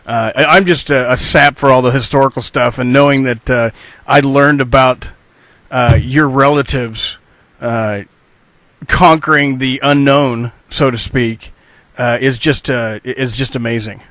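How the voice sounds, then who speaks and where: A male interviewer asking questions in a halting way, pausing often with "uh". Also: mid-range voice, fairly even intonation, fairly bright tone, no room sound. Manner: halting, fills pauses with "uh".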